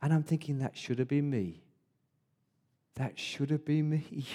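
A preacher as Benny, Passover firstborn. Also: male voice, a little high, a little slow. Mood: grave. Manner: vivid storytelling, hushed on dark moments. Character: Israelite firstborn boy recalling Passover night. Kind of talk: first-person dramatic monologue in a sermon.

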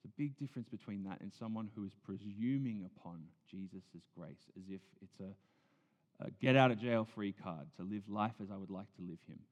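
A man's voice: lowish voice, fairly quick. Earnest male pastor preaching in a hall. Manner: earnest, swings from loud emphasis to hushed near-whisper. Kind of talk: sermon. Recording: dull sound in a big reverberant hall.

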